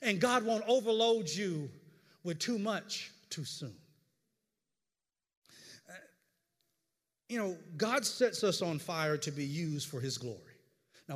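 A middle-aged male pastor preaching a sermon, telling stories with stammered repeats that run on into the next phrase. His voice sits high for a man. The sound rings with a long reverb, as if caught in a church hall. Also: normal speed, long pauses. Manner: animated storytelling with stammered repeats.

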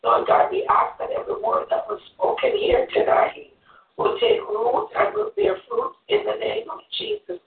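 A woman's voice: extremely high pitch, sing-song, normal speed, vocal fry, recorded from a distance. Fervent woman praying over an echoey phone line. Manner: earnest, fervent, repeating invocations. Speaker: evangelist, church member. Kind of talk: testimony and spoken prayer on a group call.

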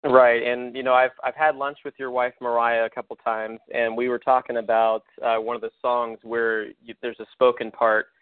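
A man's voice: mid-range voice, little pitch movement, normal speed, hardly any pauses, clean tone, no echo. An American man hosting a podcast interview, talking in a friendly, rambling way with many fillers. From United States. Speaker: podcast host. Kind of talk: casual interview. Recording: dry, phone-like line.

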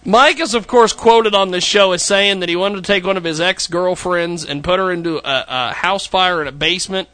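A man hosting a casual talk show, telling a story in an animated way, acting out quotes and laughing often. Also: high-pitched, moderate pace, hardly any pauses. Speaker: podcast host.

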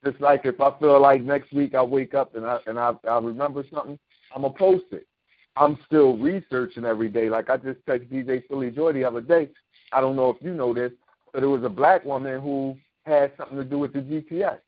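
A man's voice: medium pitch, brisk, no room sound. A man hosting a casual talk show, explaining his views emphatically and often asking "you know what I mean?". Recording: thin phone-like sound.

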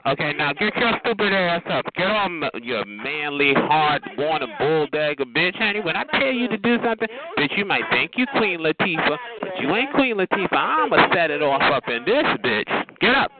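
A man's voice: on the high side, very animated, moderate pace, few pauses, over a noisy crowd. A man trash-talking over a phone chat line in a sassy, taunting manner. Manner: sassy, taunting, repeats "bitch" and "honey". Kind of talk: aggressive phone trash talk. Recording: tinny phone line with loud hiss.

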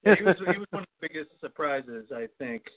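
A man talks about movies with lively, swooping pitch and a voice pitched fairly high. He curses casually and laughs along. The audio is narrow and tinny, like a phone call. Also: fast. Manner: swears freely, laughs often. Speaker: podcast co-host. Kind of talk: casual film chat.

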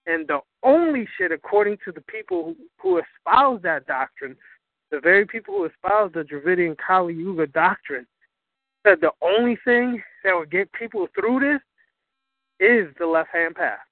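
A high-voiced man preaches hard and swears freely, pressing each point with emphatic force. His voice comes through a thin, tinny phone line with no room sound at all. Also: animated, moderate pace, dry recording. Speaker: spiritual teacher. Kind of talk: impassioned lecture on a call-in broadcast.

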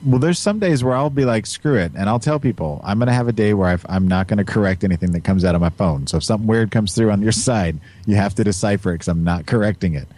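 A man's voice: fairly low pitch, fast talker, few pauses, a little mellow. A man hosting a podcast, rambling and joking with a giggly, casual manner. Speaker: podcast host. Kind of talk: casual chat.

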